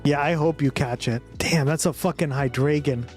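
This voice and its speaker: Casual streamer, mid pitch, chatty, teasing, swearing, faint music underneath. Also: moderate pace. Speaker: streamer reacting to videos. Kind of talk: casual live-stream chat.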